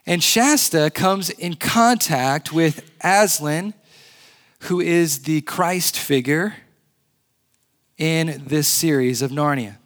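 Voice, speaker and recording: Earnest preacher with a higher voice. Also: male voice, slow, fairly bright tone. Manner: earnest, repeats key phrases for emphasis. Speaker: pastor. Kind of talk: sermon.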